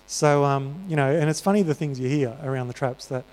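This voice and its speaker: Fairly quick and mid-range, with a darkish, clean tone, a man preaches in a church hall that rings with reverb. He talks earnestly and conversationally, leaning on lots of fillers.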